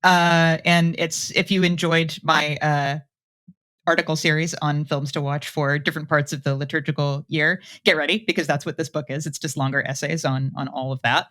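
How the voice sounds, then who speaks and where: A woman's voice: deep voice, steady tone, normal speed, a bit bright. Upbeat woman guest author. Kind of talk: casual discussion.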